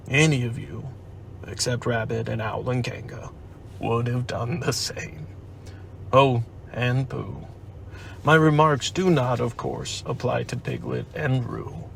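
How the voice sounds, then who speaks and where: A man voicing a gloomy, self-pitying old male donkey in a storybook reading, speaking slowly and dolefully. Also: mid-range voice, creaky, a little hiss or hum. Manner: slow, doleful, pompous speechmaking.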